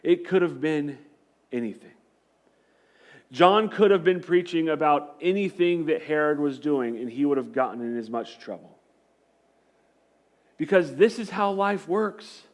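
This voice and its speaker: With a fairly high, lively voice, this pastor preaches conversationally at a measured pace, leaving long pauses. He hammers his message home by repeating himself emphatically.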